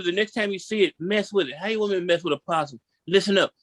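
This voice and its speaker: A man from Memphis, performing a seated stand-up comedy set in an animated storytelling style and repeating punchlines for emphasis. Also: high-pitched, fast talker, dry recording. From Memphis, Tennessee.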